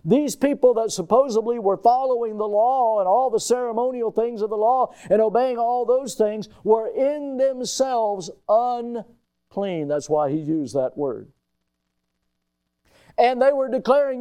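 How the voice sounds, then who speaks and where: A middle-aged male pastor preaching a sermon in a church, with emphatic delivery that slows and rises on quoted scripture. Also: sits high, lively intonation, mellow, clear, resonant tone. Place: church sanctuary.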